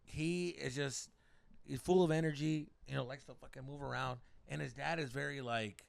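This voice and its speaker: A young adult man, a podcast host telling a story in a casual, animated way, swearing as he gets heated. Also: medium pitch, normal speed, gravelly, no room sound.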